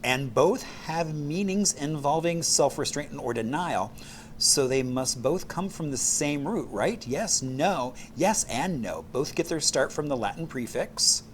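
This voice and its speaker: A man's voice: a little high, lively intonation, measured pace, slight background noise. A middle-aged man co-hosting a casual morning show, talking in a playful, exuberant way. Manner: playful, exuberant, goofy sound effects. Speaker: co-host.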